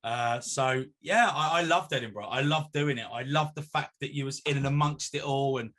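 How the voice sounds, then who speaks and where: A middle-aged man chats as a guest on a talk show. His voice is bright, at an ordinary pitch for a man. He tells stories in a relaxed, chatty way and laughs easily. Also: normal speed. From North West London. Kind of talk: casual chat.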